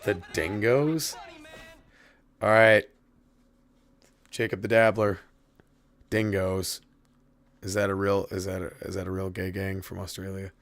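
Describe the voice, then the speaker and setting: Deep gravelly guy rambling and cussing on a game stream, kinda heartfelt. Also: steady tone, measured pace, long pauses, a bit bright. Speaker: gaming streamer. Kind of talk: casual stream chat while gaming.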